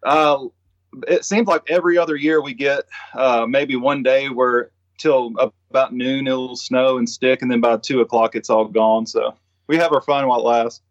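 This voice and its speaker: A man from Alabama, a guest artist, answering in a relaxed, easygoing way. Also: medium pitch, moderate pace, lo-fi sound. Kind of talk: casual interview answers.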